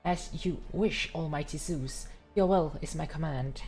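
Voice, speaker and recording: Woman doing a devoted motherly harvest goddess from a game, formal, lowish voice, measured. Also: a little mellow, soft background music.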